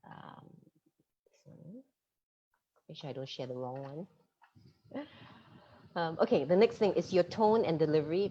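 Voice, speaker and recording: A woman coaching presenters over a video call, talking fast with a lively, easy laugh. Her voice sits low and a little husky. The sound is dull and lo-fi, like a laptop microphone. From Singapore. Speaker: media coach giving a masterclass. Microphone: computer mic on a video call.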